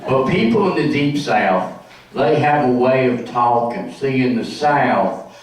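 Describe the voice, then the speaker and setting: A man's voice: medium pitch, expressive, measured pace, slight background noise. A middle-aged man doing a chatty, jokey stand-up comedy routine on stage in a senior community hall. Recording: echoey hall from far off.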